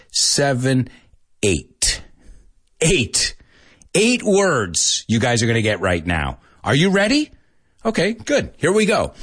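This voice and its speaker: Male radio host teaching English; casual and animated, a bit husky, mixing in Spanish phrases. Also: a little high. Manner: lively, mixes English with Spanish asides. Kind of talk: casual radio lesson chat.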